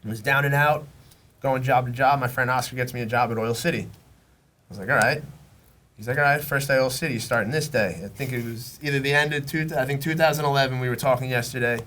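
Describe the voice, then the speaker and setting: A man's voice: mid-range voice, fairly even intonation, quick pace, fairly bright tone. A young man from Long Island, telling long, rambling stories on a podcast, full of slang and swearing, often acting out what friends said. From Long Island, New York. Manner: rambling, slangy, profane, acts out quoted friends. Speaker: podcast guest. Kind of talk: casual storytelling.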